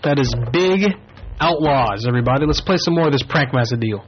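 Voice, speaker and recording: A man's voice: mid-range voice, lively intonation, a little fast, a little hiss or hum. A man hosting a radio show, talking loosely and casually between segments. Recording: muffled lo-fi radio recording. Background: music.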